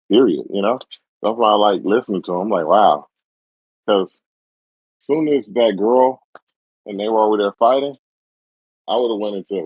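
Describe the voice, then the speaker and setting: A man's voice: fairly low pitch, dry recording, highs cut off. A man co-hosting a podcast, reacting to a story in a laid-back, musing way. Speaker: podcast co-host. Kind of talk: casual chat.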